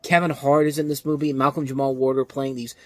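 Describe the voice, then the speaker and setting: A man's voice: mid-range voice, flat delivery, fast, fairly bright tone, no room sound. A man giving a casual, exasperated movie review, rambling with frequent restarts. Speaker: film reviewer.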